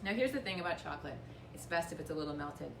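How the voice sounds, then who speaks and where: A woman's voice: deep voice, lively intonation, quick pace, creaky, noisy background. Chatty woman in an echoey room. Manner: chatty and upbeat, with light self-mocking humor. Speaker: winery host giving a tasting lesson. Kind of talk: casual instructional demonstration. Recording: echoey room, voice picked up from a distance.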